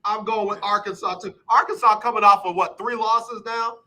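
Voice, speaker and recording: A man hosting a casual sports talk radio show, quizzing his guest in a brisk, repetitive rhythm. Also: sits high, fairly even intonation, pushed and bright, poor audio.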